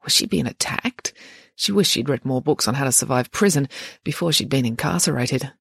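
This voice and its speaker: Storybook narrator, wry and lively, breathy voice, super dry mic. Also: mid-range voice, brisk, no echo. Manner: expressive, wry. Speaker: audiobook narrator.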